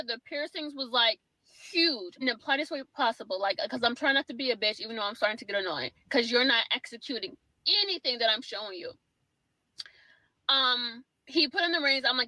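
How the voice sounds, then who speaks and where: A woman's voice: high voice, lively intonation, sharp tone, dry recording, low-quality recording. A young woman telling an exasperated storytime rant about a bad salon visit, casual and full of fillers. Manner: exasperated, quick with many fillers. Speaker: storyteller in a clip.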